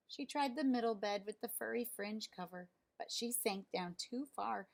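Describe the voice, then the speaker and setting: A woman reading a picture book aloud, gently, pausing to wonder what comes next. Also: mid-range voice, gravelly. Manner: gentle, slow, pausing to ask questions. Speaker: storyteller.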